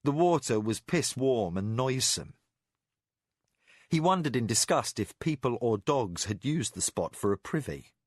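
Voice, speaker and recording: A man narrating a fantasy audiobook in a measured, expressive storytelling voice. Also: medium pitch, dry recording, studio quality. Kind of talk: scripted narration.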